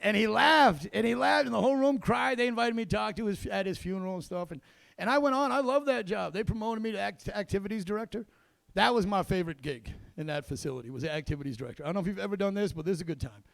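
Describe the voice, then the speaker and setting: Gravelly high-voiced male stand-up comic. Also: dry recording. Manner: gruff, self-deprecating storytelling with quick asides. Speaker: stand-up comedian. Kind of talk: stand-up comedy set. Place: comedy club stage.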